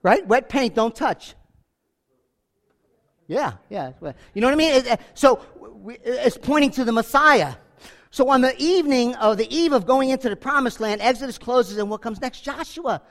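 A man preaching a sermon, animated and conversational, acting out quick voices for the people in his Bible stories. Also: very high-pitched. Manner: animated, acts out voices of biblical figures. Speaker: pastor.

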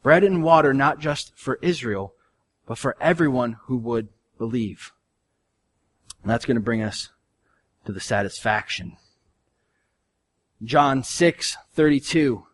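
A male pastor preaching a sermon in an earnest, conversational way, his voice swinging from soft to loud. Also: medium pitch, unhurried, long pauses.

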